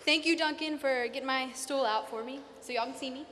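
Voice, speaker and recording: A woman's voice: high-pitched, noisy background. Nervous young woman. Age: young adult. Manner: nervous, fast, many fillers. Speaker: salutatorian giving a graduation speech. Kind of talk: graduation speech. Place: large hall. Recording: reverberant hall.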